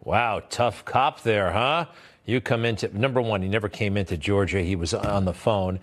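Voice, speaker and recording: A man's voice: fairly low pitch, moderate pace. A man hosting a commentary show, delivering a sarcastic, rambling opinion monologue between clips.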